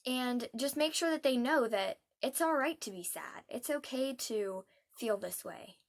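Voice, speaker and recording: A young adult woman vlogging heartfelt advice, earnest and soft-spoken, pausing often with hesitant ums. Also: fairly high pitch, expressive, gravelly.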